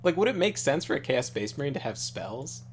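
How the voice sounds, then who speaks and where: A man's voice: mid-range voice, big pitch swings, fairly quick, a little hiss or hum. A young man chatting casually over a card game, rambling, laughing and swearing freely. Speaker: show regular.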